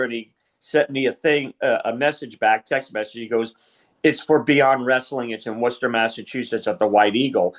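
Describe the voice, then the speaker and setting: A man's voice: mid-range voice, moderate pace. A middle-aged man, a wrestling referee, telling stories in a casual interview, rambling with many fillers and retold conversations. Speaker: wrestling referee, podcast guest.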